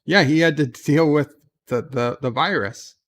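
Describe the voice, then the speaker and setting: Hosting a casual livestream from bed at home, a man with a slightly high, slightly slow voice reads viewer comments aloud. He chats about them with plenty of fillers and restarts.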